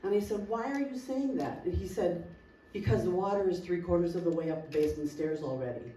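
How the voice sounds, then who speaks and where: Woman telling an emotional story, mellow tone. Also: lowish voice, steady tone, fast. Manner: emotional, vivid storyteller quoting dialogue. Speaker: resident speaking at a community meeting. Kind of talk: personal storytelling to a meeting. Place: community meeting room. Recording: roomy hall, distant mic, faint noise.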